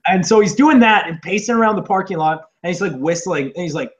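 A man co-hosting a podcast, chatting casually in a rambling, profane way and acting out loud shouted quotes. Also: high voice, expressive, fast talker, lo-fi sound. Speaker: podcast co-host. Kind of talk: casual comedic chat. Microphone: on camera, seated.

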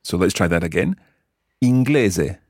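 A man's voice: low-pitched, very animated, normal speed, slightly rough, no echo, clean studio sound. A Scottish man teaching a podcast language lesson, patiently modelling words for learners. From Scotland.

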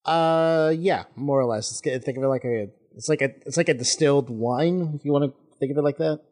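A man co-hosting a podcast in casual chat about a manga chapter, talking in a laid-back, halting way with many restarts. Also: fairly high pitch, a little mellow. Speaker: podcast co-host.

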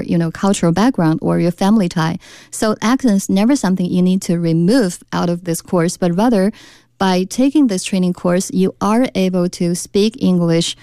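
Low, mellow woman guest with a smooth voice. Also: dry recording. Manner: explanatory, with frequent fillers and restarts. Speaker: guest from a speech training company. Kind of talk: radio talk show conversation.

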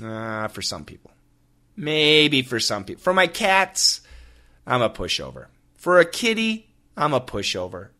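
A middle-aged man hosts a casual English-teaching podcast, joking playfully and slipping into silly put-on voices to explain words. His medium-pitched voice is bright and forceful, swinging hugely in pitch at a measured pace.

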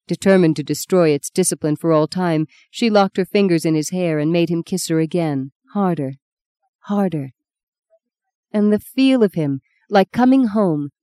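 A woman narrating an audiobook in a measured, intimate way. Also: lowish voice, dark tone, clean tone, no echo, clean studio sound.

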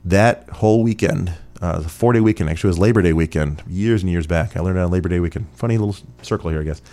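A deep, warm-toned podcast host from Rochester, New York, talks fast as he takes listener questions. His casual Q&A style is rambling and chatty, with many fillers.

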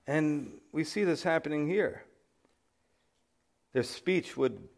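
A man with a New York accent preaching a sermon, reading scripture and retelling it with humorous asides. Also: fairly high pitch. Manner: animated storyteller, acts out quotes with humorous asides. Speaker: pastor.

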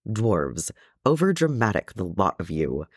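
A man voicing a fretful, tearful male hobbit gentleman who talks in a fussy, flustered, prim way. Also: low voice, big pitch swings, a little slow, husky, no echo, studio quality, full character voice.

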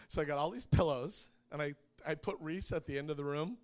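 A man in his thirties preaching, telling family stories with lots of laughter and getting loud when he acts out scenes. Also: on the high side, fairly quick. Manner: animated storyteller who laughs often and gets loud when acting out scenes. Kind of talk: sermon with personal stories.

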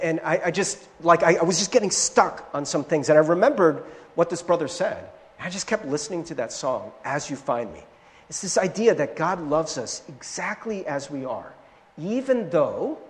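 A man preaching a sermon as pastor, conversational and animated, with frequent "right?" asides and restarts, in a church sanctuary. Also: a little high. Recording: long hall reverb from a church sanctuary.

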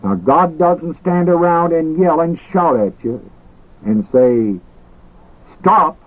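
A man teaching a class on ministry in a slow, deliberate way, repeating his key words. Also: on the high side, animated, muffled recording. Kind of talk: recorded teaching lecture.

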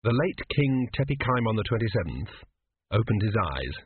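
Husky male audiobook narrator, wry dry storytelling; phone-like, dry audio. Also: on the low side, sing-song, moderate pace, no echo. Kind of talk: scripted narration. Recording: dry tinny phone-like sound.

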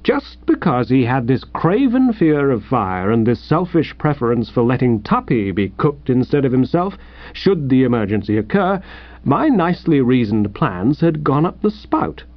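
A man reading a first-person comic story aloud in a wry, lively storytelling manner. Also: medium pitch, normal speed, dry recording, dull audio. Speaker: audiobook narrator.

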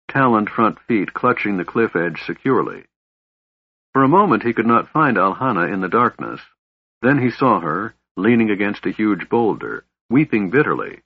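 A man narrating a fantasy audiobook in a measured storytelling manner. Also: fairly low pitch, breathy edge, dry recording, phone-quality sound.

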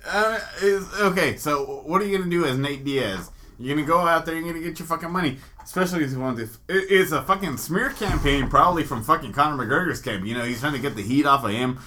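A man's voice: fairly high pitch, quick pace. A man co-hosting a podcast, ranting in crude, casual banter about fighting news and laughing often. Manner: profane, animated, laughing, ranting. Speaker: podcast co-host.

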